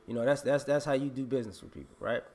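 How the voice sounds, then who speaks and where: A man's voice: medium pitch, quick pace, a little mellow. A man vlogging a casual opinion rant, emphatic and repetitive, scolding and laughing.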